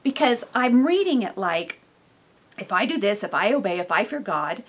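A woman living in California gives a casual devotional Bible talk, animated and laughing often, with sudden bursts of loudness. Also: mid-range voice, normal speed, breathy edge. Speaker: Bible teacher.

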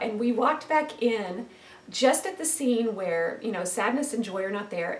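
A woman's voice: medium pitch, far from the mic. A woman speaking earnestly and reflectively about faith, with many fillers and restarts. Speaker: Christian speaker sharing reflections. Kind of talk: casual faith talk. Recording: echoey room, voice a bit off-mic.

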